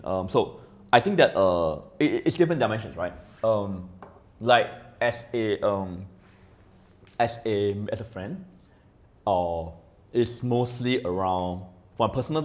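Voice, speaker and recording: In casual podcast conversation, a guest with a lowish voice rambles on, swearing often. He keeps asking "right?" and his volume swings between loud and quiet.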